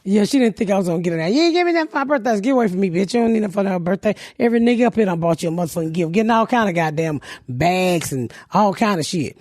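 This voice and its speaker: A woman's voice: fairly low pitch, racing, hardly any pauses, no room sound, clean studio sound. A woman hosting a podcast, telling profane stories in a casual comedic chat. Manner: profane, loud storytelling with laughs. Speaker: podcast host.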